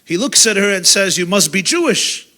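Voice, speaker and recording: A man, a rabbi, gives a sermon at a lecture gathering, his high, bright voice making big pitch swings at an ordinary pace. He preaches fervently, shifting between urgent loud moments and soft, hushed ones.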